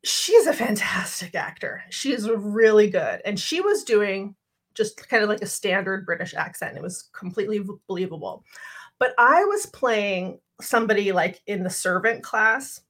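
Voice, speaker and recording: Middle-aged woman podcast co-host, bright tone, chatty, laughs a lot. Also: mid-range voice, normal speed. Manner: animated, laughs often, rambling restarts. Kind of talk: casual chat.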